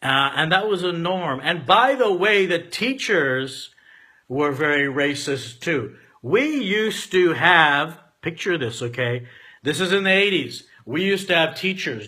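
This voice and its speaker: A man in his forties telling a candid personal story, emphatic and profane, swinging between loud outbursts and quiet asides. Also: a little high. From Canada.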